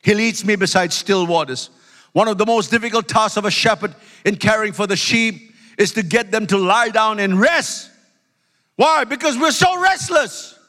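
A man's voice: high-pitched, normal speed, bright, forceful tone, long reverb tail. A middle-aged man preaching a sermon as pastor, emphatic with calls of hallelujah. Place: church sanctuary.

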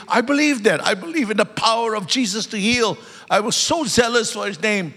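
A man's voice: high voice, fairly quick, sharp tone. A man preaching a sermon in a church, emphatic and fond of repeating key words, calling out to his congregation and slipping in joking asides. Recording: long hall reverb.

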